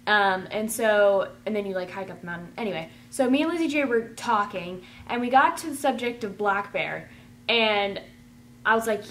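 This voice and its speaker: A woman telling a rambling, chatty storytime, full of "like" and excited gushing. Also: mid-range voice, moderate pace, a little hiss or hum. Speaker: vlogger. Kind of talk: casual storytime.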